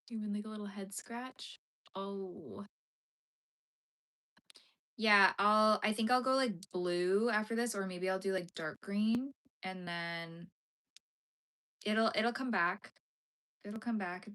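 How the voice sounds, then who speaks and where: A woman's voice: medium pitch, moderate pace. Chatty young woman crocheting on stream. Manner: chatty, answers viewer comments as she works. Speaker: live-stream host. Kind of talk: casual chat while crocheting.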